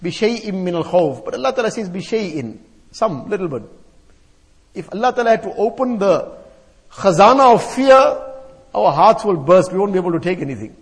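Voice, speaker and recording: High-voiced man preaching in echoing hall. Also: sing-song, a little fast. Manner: chants Arabic verses, then explains them; repeats phrases in rhythmic lists. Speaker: Islamic scholar giving a talk. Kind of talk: sermon. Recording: long hall reverb.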